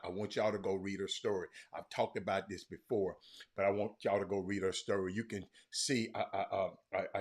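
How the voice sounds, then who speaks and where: A man hosting a sports talk stream from a room at home, chatting loosely and calling out viewers by name. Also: deep voice. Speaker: sports talk show host. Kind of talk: casual live-stream chat.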